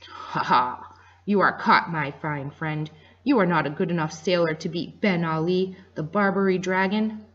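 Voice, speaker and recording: A woman voicing a boastful male pirate captain, lower and gruff, in a dull lo-fi recording. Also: a bit bright. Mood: gloating. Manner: gloating, slow.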